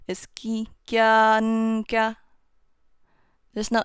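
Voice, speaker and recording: A woman casually teaching how to pronounce Japanese syllables, chatting informally and then singing the syllables out in a steady tone. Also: fairly high pitch, slow pace, pauses often, smooth, no echo. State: voice getting strained. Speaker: UTAU voicebank tutor.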